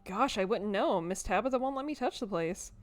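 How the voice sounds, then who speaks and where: A woman's voice: mid-range voice, animated, fairly quick, soft background music, lightly acted. A woman voicing a chirpy, overeager young housecleaner who talks in a gushing, bubbly way in a video game.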